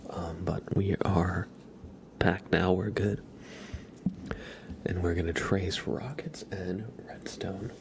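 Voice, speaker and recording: Man, deep voice, whispered livestream commentary, unhurried, slightly stuffy nose, close mic. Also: steady tone, noisy background. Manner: soft whisper, slow and low-key, cheering on chat viewers. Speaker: ASMR livestream host.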